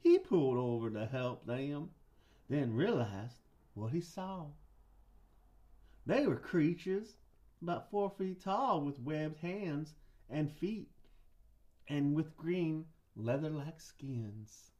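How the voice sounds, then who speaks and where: A man voicing a Southern man who tells a creepy tale in a slow, stretched-out drawl, a little off the mic. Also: a little high, animated, mellow, pitched above the performer's own voice. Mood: spooky storytelling. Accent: Southern US (put on).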